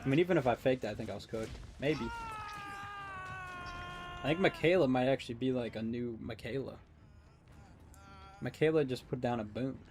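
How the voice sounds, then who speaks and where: A man's voice: medium pitch, a little mellow, a little hiss or hum. A man giving casual, joking commentary while playing a match with a friend. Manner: joking, teasing, quick asides. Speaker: caster and player.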